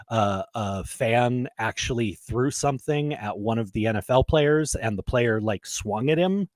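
A man's voice: medium pitch, no echo. Emphatic man co-hosting a casual chat. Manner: emphatic, storytelling, conversational. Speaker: podcast co-host.

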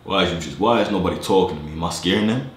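A young man vlogger putting on a very deep, dark voice while he chats with strangers on video calls in laid-back slang. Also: racing, echoey room, natural voice. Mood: chill. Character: super deep-voiced version of himself, a cool young man. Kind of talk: video chat prank.

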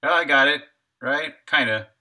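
A man's voice: fairly high pitch, moderate pace, sharp tone. A man, an indie game developer, chatting casually on a live stream while he works, thinking aloud, answering chat and chuckling often.

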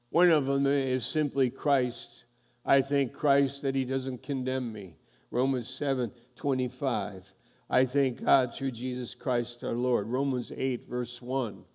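A male preacher with a gravelly, creaky voice delivers a sermon at an unhurried, deliberate pace. He reads scripture aloud and presses his points home with rising emphasis. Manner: preaches emphatically, swelling louder at high points. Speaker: pastor.

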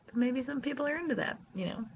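A young woman, hoarse from a cold, chatting casually to her viewers from a room at home, rambling and self-deprecating with lots of fillers. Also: high-pitched, animated, fast talker, a little hiss or hum. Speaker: vlogger. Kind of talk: casual vlog chat. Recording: dull lo-fi recording.

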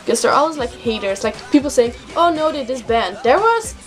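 A young woman vlogging as an excited K-pop fan, gushing and repeating words for emphasis. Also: on the high side, brisk. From Netherlands. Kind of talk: excited casual vlog. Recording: faint music behind voice.

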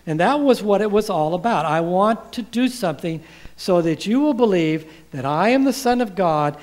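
A man's voice: sits high, expressive, darkish tone. A man preaching a sermon, quoting scripture and asking the congregation questions. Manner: asks the congregation questions and pauses for replies; quotes scripture with rising emphasis.

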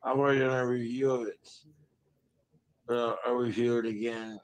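A man talks off-camera in a relaxed, blunt way. He swears now and then and keeps everything casual. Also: medium pitch, normal speed, poor audio. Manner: laid-back, blunt, swears. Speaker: streamer's partner.

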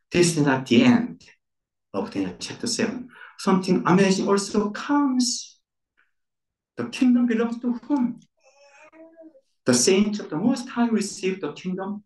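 Emphatic preacher in an echoey church. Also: male voice, high-pitched, darkish tone. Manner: emphatic, repeats key words with rising stress. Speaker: pastor. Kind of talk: sermon. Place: church centre. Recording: echoey room, voice from far off.

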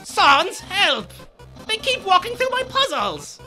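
A loud, theatrical skeleton who brags about his puzzles, voiced by a woman. The voice sits high and swoops wildly across its range. Game music plays underneath. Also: huge pitch swings, slow pace, exaggerated voice. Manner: grandiose, exclaiming, dramatic. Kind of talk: live fan voice-over of a game.

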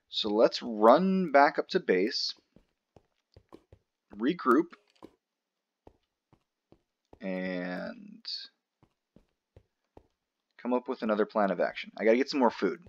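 A man's voice: lowish voice, muffled recording. A man hosting a gaming channel, talking casually through his play with joking asides to himself. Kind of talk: casual let's-play commentary.

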